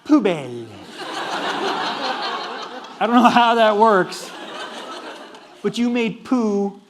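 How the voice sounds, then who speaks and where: A middle-aged man giving a humorous university lecture, animated and laughing at his own jokes. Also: extremely high pitch, takes it slowly, noisy background. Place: lecture hall.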